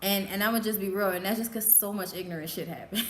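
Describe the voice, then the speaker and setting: A woman's voice: mid-range voice, quick pace. A woman with a New Orleans accent hosting a live Q&A as a vlogger, talking frankly and profanely and laughing often. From New Orleans, USA. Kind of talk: casual chat. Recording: roomy echo.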